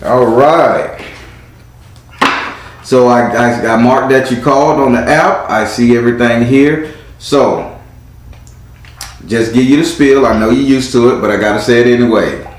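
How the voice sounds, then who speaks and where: A man's voice: medium pitch, unhurried, pauses often. Chatty male tarot reader in an echoey room. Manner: chatty and informal, calls on spirit. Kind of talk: casual live tarot reading. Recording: very echoey room with faint noise.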